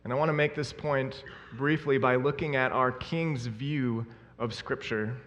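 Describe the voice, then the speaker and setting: A man's voice: medium pitch, fairly even intonation, a little slow, a bit bright, highs cut off. Earnest man preaching in a reverberant hall. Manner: earnest, emphatic, repeats key phrases. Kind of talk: sermon.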